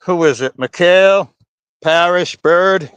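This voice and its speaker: A man's voice: sits high, slow pace, a bit bright, clear, resonant tone, dry recording. A man live-streaming while he walks outdoors, chatting loosely and profanely to his viewers and slightly out of breath. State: out of breath from walking. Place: outdoors in wind and breeze.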